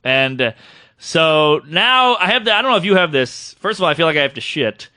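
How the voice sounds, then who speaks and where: Male podcast co-host, animated storyteller who does quick voices, bright tone, dry mic. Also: a little high, dry recording. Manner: animated, acts out other people's voices in his story. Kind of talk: casual storytelling chat.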